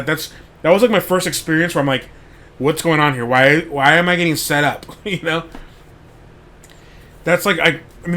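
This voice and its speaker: A man's voice: a little high, fairly bright tone. A man hosting a show, telling a rambling story in a casual monologue, full of "like" and frequent swearing. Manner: rambling, heavy on "like", swears freely. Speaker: podcast host.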